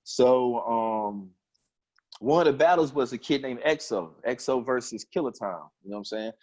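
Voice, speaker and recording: A man's voice: mid-range voice, animated, moderate pace, a little mellow, low-quality recording. A man, a battle rap league owner telling stories in a casual, profane interview, often saying "you know what I'm saying.".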